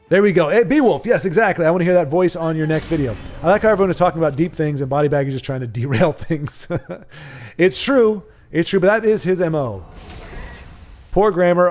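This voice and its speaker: A man's voice: fairly high pitch, a little mellow. Rambling young man chatting on a stream. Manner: rambling, thinks aloud with many restarts, chats with viewers. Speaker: livestream host. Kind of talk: casual chat while streaming a card game.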